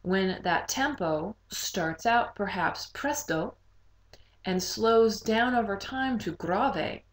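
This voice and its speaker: A woman's voice: mid-range voice, lively intonation, slow, slight background noise, low-quality recording. Woman teaching a recorded music lesson. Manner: explanatory, sings short demonstration phrases.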